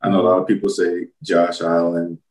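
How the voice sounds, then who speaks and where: Deep-voiced male co-host, halting. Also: completely flat delivery, darkish tone, rough recording. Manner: halting, repeats words. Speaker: podcast co-host. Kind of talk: casual interview questions.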